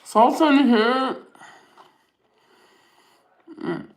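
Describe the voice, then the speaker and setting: Male mukbang host, unhurried and chatty, reads and answers comments between bites, laughs easily. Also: extremely high pitch. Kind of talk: casual live chat while eating.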